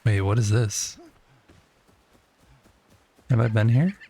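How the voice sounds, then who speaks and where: A man's voice: on the low side, takes it slowly, dark tone. A man livestreaming a game, casually chatting with his viewers and teasingly talking to the creatures he meets.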